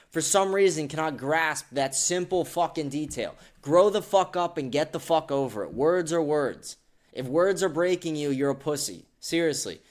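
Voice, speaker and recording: A man hosting a political podcast, ranting angrily with heavy profanity and repeated outbursts. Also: fairly high pitch. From United States. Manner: profane, repetitive, shouting bursts. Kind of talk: angry ranting commentary.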